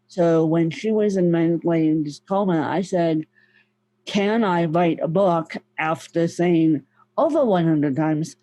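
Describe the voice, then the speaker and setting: A woman's voice: fairly low pitch, dark tone, dry recording, low-quality recording. A woman guest, a podcast host and author, telling her story in a casual, emotional and repetitive way. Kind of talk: casual interview talk.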